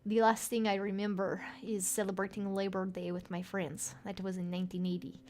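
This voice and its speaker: Woman doing a cheerful Soviet man in an alien body, put-on Russian accent, loud and eager, video game. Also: medium pitch, flat delivery, brisk, voice pushed down, natural voice. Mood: hopeful. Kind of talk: reading a video game character aloud.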